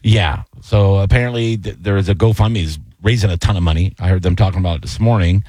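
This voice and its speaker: A man co-hosting a casual chat, telling stories in a rambling, animated way with many fillers. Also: sits low, fast talker, no room sound, clean studio sound. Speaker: co-host, comedian.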